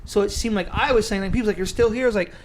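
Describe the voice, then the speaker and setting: A man's voice: high-pitched, very fast, a little hiss or hum. A man co-hosting a podcast in casual chat, rambling through stories and laughing often. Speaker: podcast co-host. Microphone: studio mic under bright lights.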